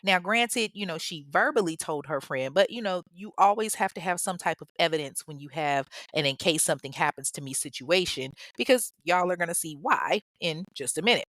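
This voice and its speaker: Low-voiced woman telling a crime story. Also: animated, fairly quick, few pauses, a bit bright, no echo. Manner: chatty, swears freely, talks straight to listeners. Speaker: podcast host. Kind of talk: casual true-crime storytelling.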